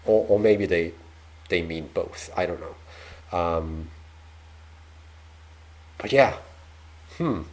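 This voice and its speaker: A man's voice: sits low, extremely slow, pauses often, slight background noise. A young Danish man with a Danish accent hosts a reaction video, chatting in a hesitant, self-deprecating way with lots of fillers. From Denmark. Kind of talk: casual reaction commentary.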